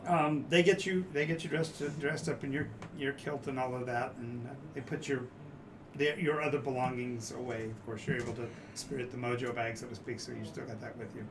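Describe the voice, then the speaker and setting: A man's voice: medium pitch, steady tone, a little fast, noisy background. A man running a tabletop game as game master, describing scenes in a rambling way with frequent fillers.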